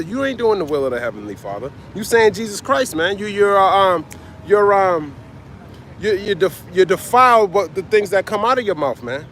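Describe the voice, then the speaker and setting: High-voiced blunt, slangy street preacher man. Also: lively intonation, normal speed, a bit bright, a little hiss or hum. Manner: blunt, slangy, repeats "man" at line ends. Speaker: livestream preacher. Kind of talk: street sermon, answering live chat.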